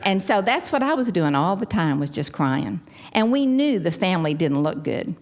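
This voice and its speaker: A Texan woman in her sixties telling her personal story at a convention with wry, self-deprecating humor and sudden lively leaps in pitch. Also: normal speed. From Texas. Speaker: convention speaker sharing her recovery story.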